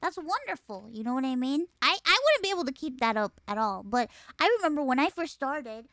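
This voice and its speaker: Young woman host, Spanish accent, high voice, excitable and blunt, dry mic. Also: brisk, no echo. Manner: excitable, swears freely, repeats words. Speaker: talk show host. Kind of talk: casual chat.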